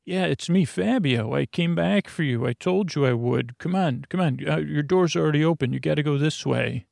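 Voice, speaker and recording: A man voicing an eager young male rescuer who urges someone along in a quick, breathless way. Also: a little high, creaky, a little mellow, no echo, clean studio sound, pitched above the performer's own voice. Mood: urgent.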